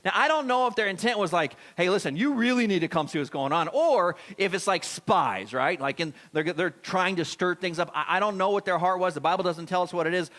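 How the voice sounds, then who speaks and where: Male pastor, middle-aged, casual sermon delivery in a church with questions to the room, voice on the high side. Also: fairly bright tone. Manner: conversational preaching, questions to the congregation. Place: church sanctuary.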